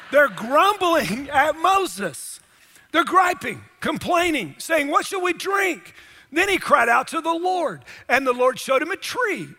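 A man preaching with an emphatic delivery, throwing rhetorical questions at his listeners. His voice sits high and sounds bright, and a long reverb trails behind it. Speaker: pastor. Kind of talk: sermon.

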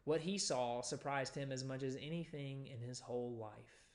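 A man at a mid-range pitch delivers a sermon in an easygoing teaching manner. He explains scripture verse by verse, pausing often with small fillers as he thinks aloud. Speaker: pastor.

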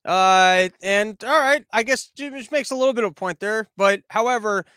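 Host type: American guy, high voice, profane sarcastic rant, dry close sound. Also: normal speed, bright, forceful tone, smooth, dry recording. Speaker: commentary show host. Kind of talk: ranting commentary monologue.

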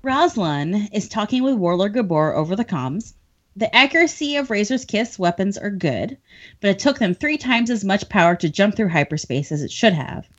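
A woman's voice: medium pitch, big pitch swings, normal speed, lo-fi sound. A woman podcast host who recaps book chapters in a chatty way and laughs often between lines.

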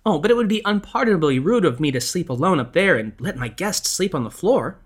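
A man voicing a coy young female ghost, the lady of a haunted tomb, in a higher, lilting put-on voice. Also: animated, a little fast, slightly rough.

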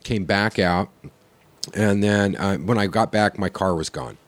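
A man with a fairly low voice tells a long story in relaxed podcast talk. He swears freely and acts out the lines of everyone in it. The sound is dry and close. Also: measured pace, dry recording. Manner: profane storyteller acting out quoted dialogue. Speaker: guest telling a story. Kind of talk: casual podcast chat.

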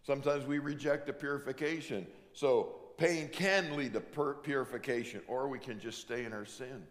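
A man preaching a sermon in a mid-pitched voice, leaning hard on key words and slowing right down to stress each point. His voice rings out with a long reverb tail, as if filling a big sanctuary. The delivery is earnest and emphatic. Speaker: pastor.

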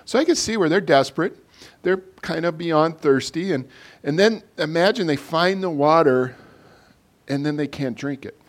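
A man's voice: fairly high pitch, moderate pace. A man preaching a casual sermon to a congregation, talking in a loose, conversational way full of fillers and restarts.

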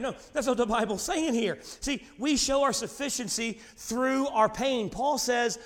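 A middle-aged preacher with a drawl, his voice pitched high for a man. He tells stories with animated swings between loud bursts and hushed confession. His words ring out with a long reverb from a large hall. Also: unhurried, few pauses. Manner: animated storytelling, swings from shouting to quiet. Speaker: pastor. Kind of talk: sermon with personal stories.

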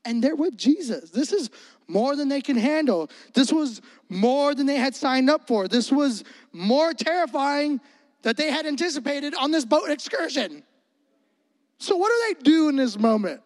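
High-voiced animated preacher, dry sound. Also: male voice, normal speed, no room sound. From Florida. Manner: animated and comedic, acting out scenes. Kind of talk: sermon.

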